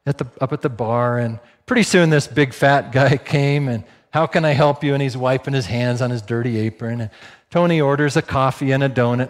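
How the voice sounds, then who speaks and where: Animated preacher in a reverberant hall. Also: male voice, medium pitch. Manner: animated, acts out dialogue with rising volume. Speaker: pastor. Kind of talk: sermon storytelling.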